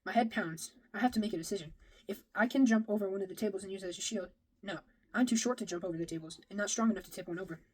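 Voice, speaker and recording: Reading a novel aloud in the first person, a woman speaks rapid-fire in a medium-pitched voice on a low-quality recording. She occasionally slips and goes back to reread a phrase.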